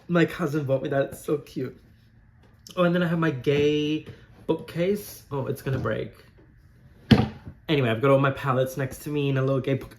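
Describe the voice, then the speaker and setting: A campy young man talks through his makeup in a relaxed, rambling way, tossing out gossipy asides as he goes. His voice sits in an ordinary middle register. A faint hiss of noise hangs under him. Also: mid-range voice, normal speed, long pauses. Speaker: drag queen makeup tutorial host. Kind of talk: casual chatty talk while doing makeup. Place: warm room at home.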